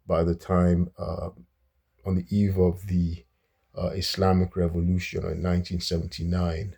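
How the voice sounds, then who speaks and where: A man's voice: low-pitched, monotone, normal speed, creaky, mellow, breathy edge. A man hosting a casual, unscripted history talk, with many fillers and restarts.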